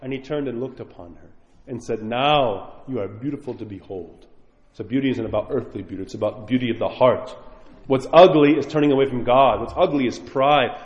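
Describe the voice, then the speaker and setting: A man preaching an animated storytelling sermon, repeating phrases for emphasis. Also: medium pitch, highs cut off. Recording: echoey hall with long reverb.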